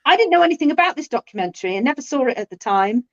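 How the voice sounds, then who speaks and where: A woman with a British accent in a casual conversation, chatty and quick to laugh. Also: high voice, sing-song, highs cut off. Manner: chatty, laughs often, many restarts.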